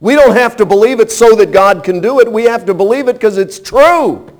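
A man's voice: sits high, expressive, brisk. A man preaching a sermon, emphatic and direct, asking the listeners rhetorical questions. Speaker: pastor.

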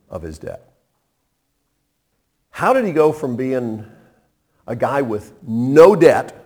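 A man preaching a sermon, retelling a parable with animated storytelling and acted-out voices. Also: mid-range voice. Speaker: pastor.

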